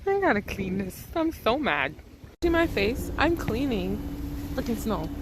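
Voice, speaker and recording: A woman's voice: on the high side, sing-song, a little slow. A Canadian woman vlogging casually from the snow and her car, chatty and self-mocking, laughing often. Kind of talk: casual vlog chat. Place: outdoors in snow, then in a car. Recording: noisy outdoor and car ambience.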